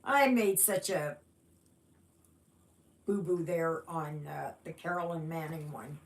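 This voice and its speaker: Slow, chatty woman live-streaming her stitching. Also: low-pitched. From Canada. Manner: chatty, reads viewer comments aloud and greets them; unhurried, rambling with fillers. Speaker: stitching livestream host. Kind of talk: casual live-stream chat.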